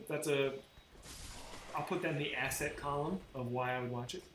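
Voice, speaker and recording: A man's voice: medium pitch, fairly bright tone. Rambling, profane man in a roomy space. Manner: rambling and profane, with many restarts. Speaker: game streamer. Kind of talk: casual live-stream chat while gaming. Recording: roomy sound with faint background noise.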